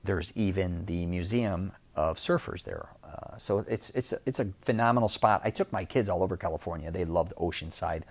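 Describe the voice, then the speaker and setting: A man from Chicago with a Chicago accent, hosting a podcast and telling a personal story in a casual, animated way, repeating words for emphasis. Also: deep voice, moderate pace, few pauses. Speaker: podcast host.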